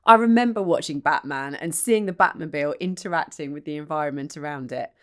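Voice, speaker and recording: A woman's voice: sits low, brisk, fairly bright tone. A woman hosting a motoring podcast who sets scenes like a storyteller and laughs easily between questions. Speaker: podcast host, racing driver and motoring presenter. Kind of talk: podcast interview.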